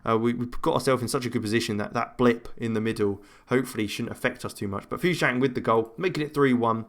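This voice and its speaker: A man's voice: mid-range voice, fast talker, fairly bright tone. A man giving rambling, chatty commentary as he plays a football management game, full of fillers and side remarks. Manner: chatty, rambling match commentary with self-talk and frequent fillers. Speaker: gaming channel host. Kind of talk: let's-play gameplay commentary.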